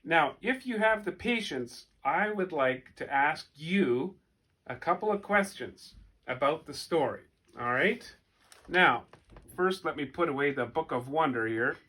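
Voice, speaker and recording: A man telling a folk tale for children and then asking his listeners gentle questions, with animated, expressive delivery. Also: a little high, unhurried, slightly rough. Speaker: storyteller. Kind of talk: storytelling for children.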